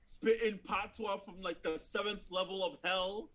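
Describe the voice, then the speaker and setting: A man's voice: high voice, fairly even intonation, moderate pace, a bit bright. A young man co-hosting a podcast, chiming in with wry jokes in casual chat. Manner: joking, wry interjections. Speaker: podcast co-host.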